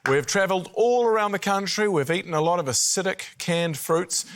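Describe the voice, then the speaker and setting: A middle-aged man with a New Zealand accent, hosting a TV game show with dry, mock-grand, deadpan comic links. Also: sits high, a little fast. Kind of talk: scripted comic links to the break. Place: TV studio with live audience. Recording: loud studio audience and room noise.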